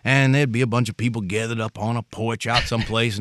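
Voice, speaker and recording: A middle-aged man tells rambling, folksy stories as a musician guest. His voice sits at a middle pitch. The recording is close and dry. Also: steady tone, brisk, hardly any pauses, a bit bright, no room sound. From Mississippi, US. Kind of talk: storytelling interview.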